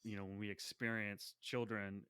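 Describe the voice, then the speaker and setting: A man's voice: on the low side, little pitch movement, moderate pace, bright, forceful tone, clear, resonant tone, no echo, studio quality. A man hosting a podcast interview, listening with frequent short replies and encouraging comments. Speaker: podcast host. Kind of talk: interview host.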